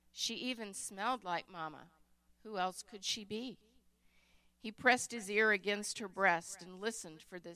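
Woman reading a story out loud, slow and smooth, bright tone. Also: medium pitch. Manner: measured, expressive reading. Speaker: narrator. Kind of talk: scripted storybook narration.

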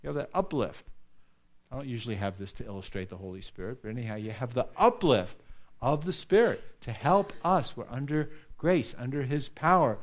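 A man's voice: mid-range voice, expressive, a little fast. A man preaching a sermon to a congregation, earnest and direct, repeating key phrases for emphasis and putting questions to his listeners. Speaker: pastor.

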